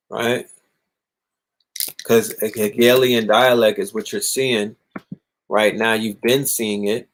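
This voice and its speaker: A young man hosting a casual livestream monologue, animated and profane, sometimes mocking others in put-on voices. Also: fairly low pitch, slow, long pauses, a little hiss or hum. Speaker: livestream host.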